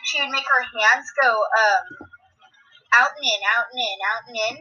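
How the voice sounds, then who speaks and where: A woman's voice: a little high, normal speed, sharp tone, husky, lo-fi sound. A teenage girl chatting casually with a friend, telling stories breathlessly with lots of fillers. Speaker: podcast co-host. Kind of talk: casual chat.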